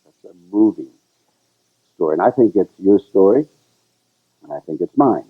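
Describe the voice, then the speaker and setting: Husky-voiced man telling a story. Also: moderate pace. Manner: animated storyteller who sings high "la la" bits. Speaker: show co-host. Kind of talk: casual storytelling chat. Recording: tinny, phone-like, lo-fi sound.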